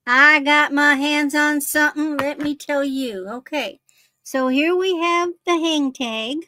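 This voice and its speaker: Gushing high-voiced woman selling vintage. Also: a little slow, no room sound. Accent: American. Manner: gushing, excited over jewelry details. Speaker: online vintage seller. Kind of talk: live sale show chat.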